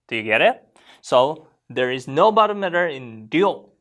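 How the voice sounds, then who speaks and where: A Korean language teacher explaining grammar to learners, modeling phrases slowly so students can repeat them and checking in with frequent questions. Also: medium pitch. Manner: lively, questioning classroom delivery.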